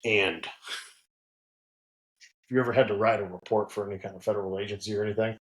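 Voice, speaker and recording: A man, a distillery guest, telling a long, animated and profane anecdote in casual conversation. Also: lowish voice, fast, low-quality recording. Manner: animated, profane, frequent restarts. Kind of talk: casual storytelling.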